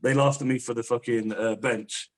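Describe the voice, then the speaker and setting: A young man, a powerlifter guest on a podcast, telling rapid, sweary anecdotes in casual chat. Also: medium pitch, fairly even intonation, a little hiss or hum. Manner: fast, swearing, laughing anecdotes.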